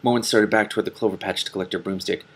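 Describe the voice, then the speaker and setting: Man reading a novel aloud with animated asides. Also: fairly low pitch, racing. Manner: animated asides, laughs at the text. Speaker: reader.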